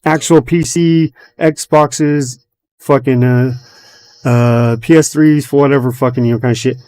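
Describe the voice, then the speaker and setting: Man, casual podcast talker, mid-pitched, constant cursing, rambling story with filler words and acted-out quotes. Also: fairly even intonation, unhurried, darkish tone. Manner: retells his own and others' words as quoted dialogue. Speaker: podcast host. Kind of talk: casual chat.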